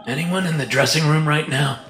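A man's voice: fairly high pitch, brisk, fairly bright tone, reverberant, voice pushed up, close to an everyday voice. A man voicing a weary, tipsy male scientist who talks in a sardonic, grumbling way. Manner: sardonic, groaning, boozy. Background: music.

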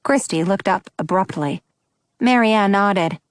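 A woman reads a children's story aloud in the first person, friendly and expressive. Her pitch rises and falls in a lively way, and the recording is dry and close to the mic. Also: normal speed, dry recording. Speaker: audiobook narrator.

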